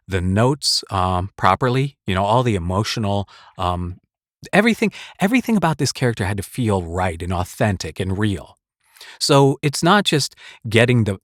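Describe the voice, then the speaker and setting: Earnest low-voiced male voice actor. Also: no echo, clean studio sound. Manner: earnest, rambling, with restarts and short laughs. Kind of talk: casual talk on voice-acting craft. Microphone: close studio microphone.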